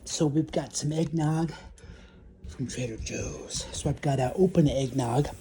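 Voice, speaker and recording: A man vlogging casually, out of breath, halting with frequent pauses and sighs. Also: fairly high pitch, dark tone, slight background noise. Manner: halting, pausing often, sighing. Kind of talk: casual vlog narration.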